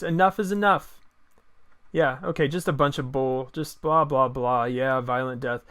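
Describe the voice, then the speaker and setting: Combative, sarcastic man, high bright voice. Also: animated, normal speed, long pauses. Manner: combative, sarcastic, rhetorical questions. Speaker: political commentator. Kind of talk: opinion monologue.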